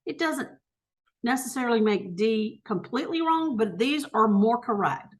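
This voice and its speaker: Woman teacher, middle-aged, fairly high voice, chatty think-aloud test walkthrough. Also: lively intonation, normal speed. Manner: self-correcting, talks herself through each step.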